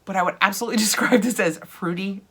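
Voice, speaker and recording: An older woman chatting casually through a product unboxing, gushing over items and dropping to a soft whisper now and then. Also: mid-range voice, quick pace, husky.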